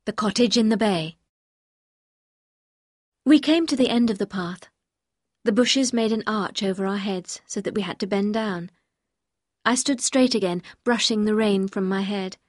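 Woman narrator, audiobook reading, clear measured delivery, medium pitch. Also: no room sound, clean studio sound. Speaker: audiobook reader. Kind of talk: scripted storybook narration.

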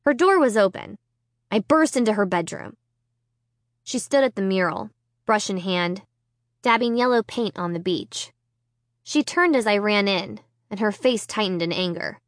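A woman narrating a children's chapter book in the first person, with tense, expressive reading. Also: mid-range voice, normal speed, no echo, clean studio sound. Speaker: audiobook narrator.

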